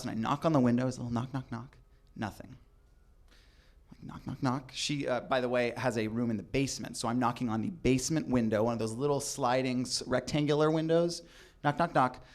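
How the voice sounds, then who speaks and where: A young adult man telling a comedic true story, animated and acting out the people in it. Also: medium pitch. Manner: animated, acts out voices in quotes.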